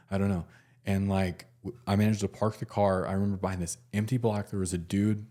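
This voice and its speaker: A man, a nurse, telling a personal story in a casual, halting way with many fillers and restarts. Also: low voice, warm tone.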